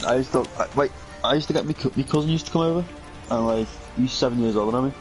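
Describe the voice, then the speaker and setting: A man's voice: mid-range voice, rapid-fire, music in the background, rough recording. A young man with a Merseyside accent chatting while streaming a game, tired, blunt and swearing freely. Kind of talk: casual chat while gaming.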